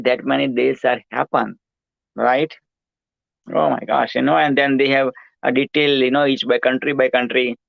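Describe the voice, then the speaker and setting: A man's voice: mid-range voice, gravelly, no room sound, highs cut off. A man hosting his own show, giving a rambling motivational monologue, repetitive and preachy, full of "you know" and "right".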